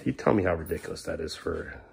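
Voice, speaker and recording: A man's voice: low voice, expressive, quick pace, creaky, a little mellow, slightly rough. A man in his thirties at home filming a casual family vlog, coaxing his small children playfully and muttering asides. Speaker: father filming his kids.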